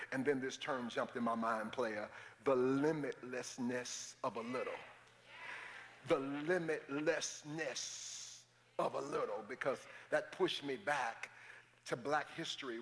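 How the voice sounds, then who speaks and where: A man preaching a lively sermon and joking with his congregation in a church. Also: high-pitched. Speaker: pastor. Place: church sanctuary. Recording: reverberant church hall, faint ambience.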